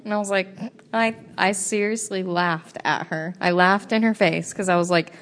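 A young woman telling travel stories on a casual podcast, acting out what people said and swearing freely. Her voice sits a little low and carries a gravelly fry. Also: measured pace. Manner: animated storytelling with quoted dialogue and swearing. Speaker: podcast co-host. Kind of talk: casual chat.

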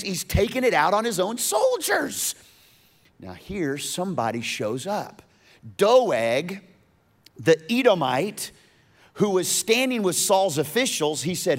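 A male pastor preaching a sermon, animated and emphatic, often restarting his words. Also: high voice.

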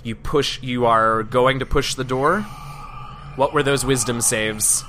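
A man's voice: medium pitch, fairly even intonation, slow, sharp tone, a little hiss or hum. A man narrating as game master of a tabletop game, describing scenes with some hesitant restarts.

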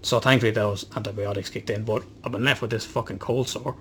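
A man's voice: on the low side, steady tone, fast talker, fairly bright tone, slight background noise. A man, co-hosting a podcast and telling a long rambling story, swearing constantly and poking fun at himself. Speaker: podcast co-host. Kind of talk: casual chat.

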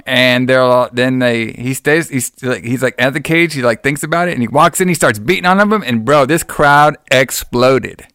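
A man co-hosting a podcast, recapping a wrestling show in a rambling, excitable way with lots of fillers. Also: mid-range voice, normal speed, hardly any pauses, clear, resonant tone, dry recording, studio quality. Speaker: podcast co-host.

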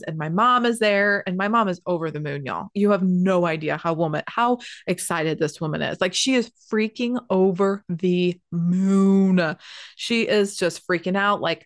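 A pregnant woman, telling a personal story in a chatty, animated way, with a lot of "like" and casual swearing. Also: fairly low pitch, dry recording, clean studio sound. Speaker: spiritual healer sharing a personal story.

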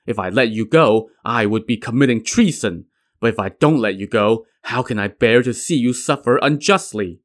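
A man's voice: mid-range voice, animated, normal speed, close to an everyday voice. A man reading the lines of a loyal commander caught between duty and mercy, speaking formally. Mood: earnest. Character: loyal military commander, torn and steady.

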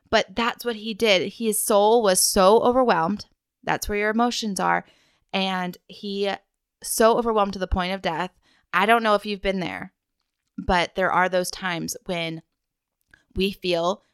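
A woman's voice: medium pitch, fairly bright tone, clean tone, no echo, clean studio sound. Earnest woman hosting a faith podcast. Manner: earnest, heartfelt, addresses listener directly. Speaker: podcast host. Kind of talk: faith-based wellness podcast talk.

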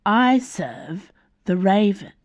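A woman's voice: mid-range voice, animated, slow, a little mellow, dry recording, studio quality, voice pushed up. Woman reading a sneering rival assassin. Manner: sneering through gritted teeth.

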